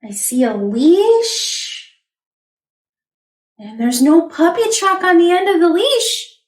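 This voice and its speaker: Animated woman reading a picture book. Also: extremely high pitch, slow pace, echoey room. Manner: animated, sound effects and questions to kids. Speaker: children's librarian.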